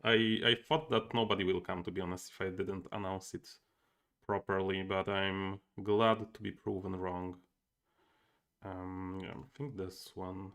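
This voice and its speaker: Young guy streaming a board game, low gravelly voice, talking himself through moves and chatting with chat. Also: level tone, measured pace, fairly bright tone. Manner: thinking aloud, chatting with viewers. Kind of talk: casual livestream commentary.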